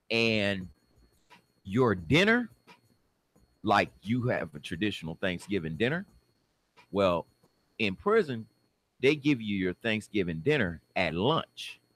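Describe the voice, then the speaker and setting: A man from the Detroit area tells a personal story casually and acts out each person in it. His voice is low, his pitch swings widely, and the sound is dry and close. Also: no room sound. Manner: animated, acts out the people in his story, laughs.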